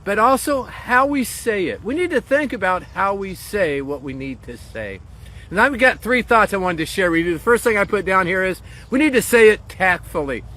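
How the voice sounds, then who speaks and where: A man's voice: high-pitched, very animated, normal speed, fairly bright tone, slight background noise. A man speaking as a pastor in a short devotional message, earnest and encouraging, leaning on key phrases.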